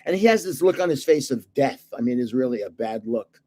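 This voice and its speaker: A man's voice: medium pitch, animated, brisk, a little mellow. An older man hosting a casual livestream, telling rambling stories and chuckling often. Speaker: channel host giving away trading cards.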